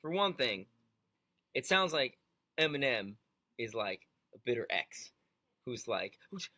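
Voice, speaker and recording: A man's voice: medium pitch, very animated, measured pace, pushed and bright, no room sound. A man co-hosting a radio talk show in casual, amused, wry chat.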